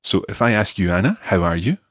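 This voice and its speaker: A man hosting a language course, teaching deliberately and slowing down to model words. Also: lowish voice, sing-song, fairly bright tone, dry recording, clean studio sound. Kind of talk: scripted language lesson. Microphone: close studio mic.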